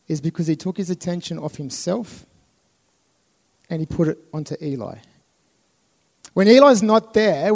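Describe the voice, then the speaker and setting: An Australian man in his thirties giving a motivational talk to a live audience, telling animated stories with laughs and acted-out voices. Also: high-pitched, creaky. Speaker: speaker.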